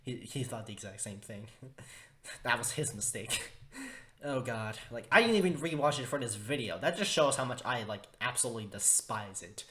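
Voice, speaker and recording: A man's voice: mid-range voice, expressive, normal speed, pushed and bright. A young man reviewing a cartoon episode in a casual, rambling way, full of fillers and restarts, with exaggerated disgust. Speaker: video reviewer.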